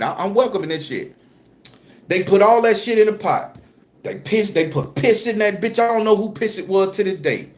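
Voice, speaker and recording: A man's voice: high voice, a little mellow. Profane, emphatic man telling a story. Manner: profane, emphatic, repeats himself for stress. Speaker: spiritual content creator. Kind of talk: casual storytelling to camera.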